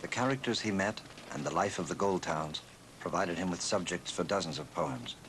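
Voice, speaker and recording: A man delivering measured, scripted documentary narration. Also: low voice, lively intonation, noisy background.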